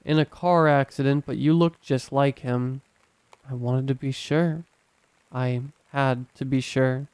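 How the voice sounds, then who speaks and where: A man voicing a frail, grieving old man who talks in a halting, apologetic way, choked up with tears. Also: medium pitch, fairly even intonation, darkish tone, smooth, no room sound, lightly acted. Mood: remorseful. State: choked up, crying.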